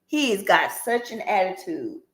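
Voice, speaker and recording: A woman's voice: mid-range voice, sing-song, a little slow, noisy background. A woman hosting a casual live stream, chatty and laughing often, talking aside to her dog.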